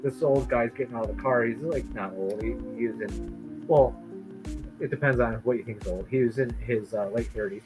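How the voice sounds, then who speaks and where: A man's voice: medium pitch, brisk, music in the background, poor audio. A man from Michigan telling stories casually on a live stream, acting out the voices of the people he quotes. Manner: animated, acts out quoted voices. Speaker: streamer and comic artist.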